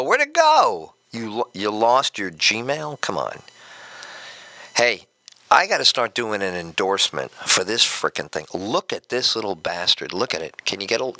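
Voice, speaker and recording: A man's voice: fairly low pitch, no room sound. A middle-aged man hosting a live talk radio show, rambling, joking and bantering with his studio crew. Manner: loud, joking, self-mocking, talks to studio crew.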